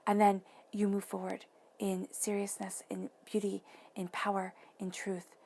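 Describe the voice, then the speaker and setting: A woman giving an intuitive tarot reading to camera, enthusiastic and gushing, dropping into soft breathy whispers for emphasis. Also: mid-range voice, completely flat delivery, a little slow, a little hiss or hum. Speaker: tarot reader.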